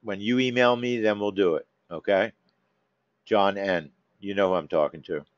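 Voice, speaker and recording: A man's voice: lowish voice, moderate pace, dry recording. A man hosting a live trading room, talking casually to members by name, coaxing and teasing them. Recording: dull, dry lo-fi stream audio.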